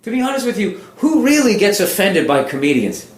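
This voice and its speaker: A man's voice: high voice, big pitch swings, brisk. A male stand-up comedian in a casual, heated chat, ranting emphatically and swearing a lot. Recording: roomy echo.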